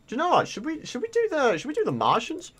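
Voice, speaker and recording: A young man hosting a let's play, his voice pitched high and swinging widely as he chats through the action. His tone is bright and forceful, and he keeps up an excitable running commentary full of quick exclamations. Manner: chatty, excitable, exclaims often. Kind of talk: gameplay commentary.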